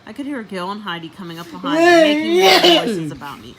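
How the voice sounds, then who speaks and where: A woman reading a children's book aloud in an expressive, animated way. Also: mid-range voice, fast talker, music in the background, low-quality recording. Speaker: storybook reader.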